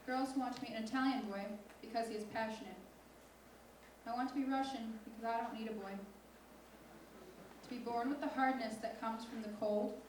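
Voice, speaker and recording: A teenage girl recites a spoken word poem with slow, deliberate intensity, her voice a touch high. She is heard from a distance in a big echoing hall, with faint room noise behind her. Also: fairly even intonation, a little mellow. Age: teens. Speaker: student poet. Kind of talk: spoken word poetry reading. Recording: echoey hall from far off.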